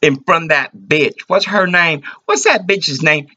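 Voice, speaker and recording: A man's voice: a little high, unhurried, bright, forceful tone. A man delivering an agitated, rambling, profane rant to the camera. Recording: dull lo-fi recording.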